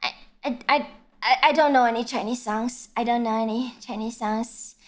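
A young woman livestreamer chatting casually while gaming, rambling and repeating herself, blunt but quick to apologize. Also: fairly high pitch, steady tone. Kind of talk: casual game stream chat.

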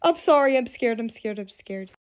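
Woman with a high voice who plays every role in a doll-game drama and switches parts quickly. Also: animated, darkish tone, dry recording, studio quality. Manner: switches quickly between many character voices. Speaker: voice actor for all characters.

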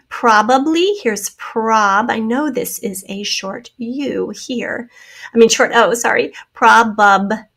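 A woman's voice: a little high, gravelly. A woman teaching a spelling lesson to children, explaining each word patiently step by step.

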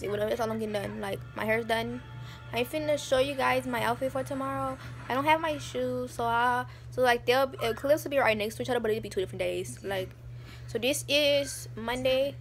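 A teenage girl chatting casually in a get-ready-with-me vlog, rambling and correcting herself with slang. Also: on the high side. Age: teens. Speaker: vlogger. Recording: music playing behind.

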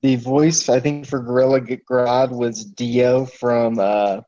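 A man's voice: mid-range voice, flat delivery, slow, warm tone. A man co-hosting a podcast in casual chat, laid-back and easygoing. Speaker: podcast co-host. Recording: muffled lo-fi podcast audio.

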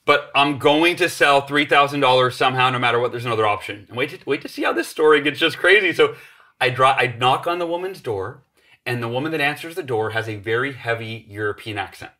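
A man in his forties tells a story with energy, acting out the other people's lines as he goes. His voice is bright and forward, sitting at an ordinary pitch for a man. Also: fast talker. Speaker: podcast guest. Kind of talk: animated storytelling.

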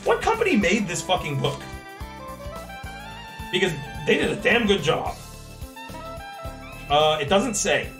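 A man's voice: high voice, wildly swooping pitch, a little slow, long pauses, over music. Amused young man streaming. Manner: amused, laughing often. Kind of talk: reading aloud and joking on stream.

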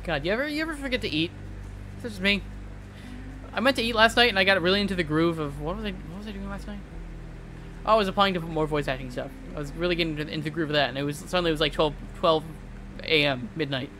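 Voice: medium pitch, quick pace, bright, forceful tone, slight background noise. A game streamer in casual gameplay commentary, muttering confused questions to themself and rambling about their day. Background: game music.

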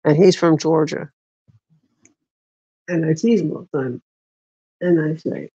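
A man's voice: fairly high pitch, steady tone, unhurried, long pauses, dark tone, slightly rough, no echo. A man telling personal stories in a rambling, casual way, with restarts and laughter. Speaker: vlogger. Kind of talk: casual storytelling. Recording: dull lo-fi dry recording.

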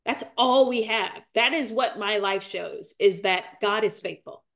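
A woman's voice: measured pace, vocal fry, a bit bright. A woman in her forties giving an earnest, emotional faith testimony as a podcast guest, close to tears and repeating her phrases. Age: 40s. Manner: earnest, repeats phrases, rises in pitch as she grows tearful. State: near tears.

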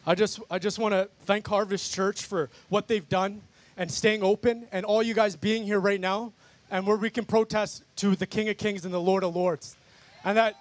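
A high-voiced man, the guest speaker at an outdoor worship gathering in a park, preaches his testimony fervently. He is emphatic and repetitive, continually referring to the crowd as "guys."

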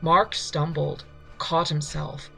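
A woman narrates a ghost story in an unhurried, measured way. Her voice sits low with a gravelly fry, and faint music plays underneath. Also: steady tone, fairly bright tone. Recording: reading over faint music.

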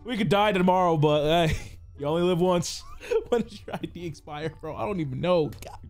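A young man giving loud, casual gameplay commentary, swearing, talking to his chat and reading the game text aloud. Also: sits high, moderate pace. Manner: loud, excitable, swears a lot, talks to chat. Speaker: gaming YouTuber. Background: faint game music.

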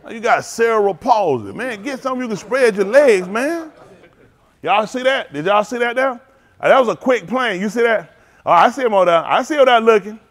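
This preacher has a high-pitched, fairly bright voice, lively intonation and a brisk delivery. He jokes loosely with his congregation, teasing them in drawling street slang.

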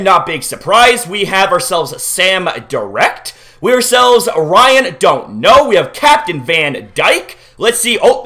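A man hosting a live-stream reaction, excitable and swearing freely as he greets his chat by name. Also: high voice.

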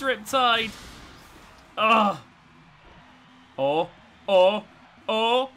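A man giving excitable commentary as he plays a robot combat video game, swinging between tense muttering and loud cheering. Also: sits high, very slow, long pauses, a little hiss or hum. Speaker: gaming YouTuber.

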